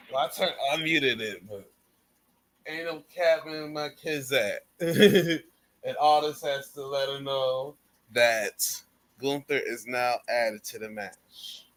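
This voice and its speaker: Animated, bright-voiced man recapping wrestling. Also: medium pitch, slow pace. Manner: animated storytelling with slang. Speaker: podcast co-host. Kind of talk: casual wrestling recap chat.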